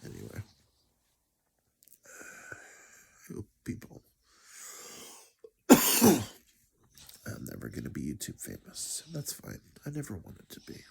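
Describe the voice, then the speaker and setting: A man's voice: deep voice, vocal fry, darkish tone, slight background noise. A grieving man telling a personal story in a reflective, rambling way, sighing and dropping to near-whispers. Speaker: vlogger.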